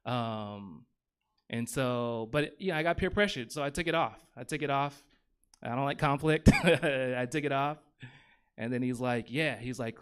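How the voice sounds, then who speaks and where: A man's voice: medium pitch, moderate pace, a bit bright, clean tone. A man in his thirties doing stand-up comedy on a theater stage, rambling and self-deprecating, with lots of fillers and restarts.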